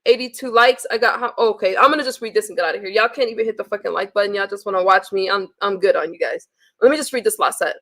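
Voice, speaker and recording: A woman's voice: medium pitch, fast, a bit bright. A woman on a live stream, bluntly venting with heavy swearing and reading messages aloud to her viewers. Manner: blunt and profane, exasperated. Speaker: livestreamer.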